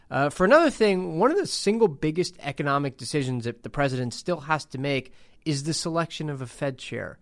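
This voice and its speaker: A man hosting a podcast, giving measured, analytical commentary with the occasional filler. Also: medium pitch, a bit bright, dry recording, clean studio sound. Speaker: podcast host. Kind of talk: reflective solo commentary.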